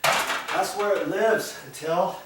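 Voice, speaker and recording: A man's voice: high-pitched, takes it slowly. A man hosting a do-it-yourself video, explaining things in a plain, repetitive way and checking in with "okay?" as he works on a ladder outdoors. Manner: plain-spoken, repeats points and checks in with "okay?". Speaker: DIY video host. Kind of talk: casual how-to demonstration. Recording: roomy, distant, noisy outdoor recording.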